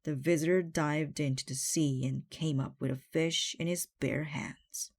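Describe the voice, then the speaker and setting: A woman reading a children's picture book aloud in a slow, clear way. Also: deep voice, fairly even intonation, darkish tone. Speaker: storybook reader.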